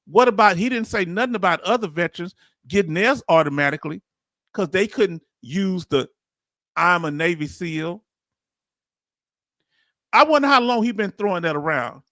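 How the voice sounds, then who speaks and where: A man hosting a livestream, animated and preachy, talking in casual slang and calling on his viewers in the chat. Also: high-pitched, a little fast, no echo, clean studio sound. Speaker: channel host.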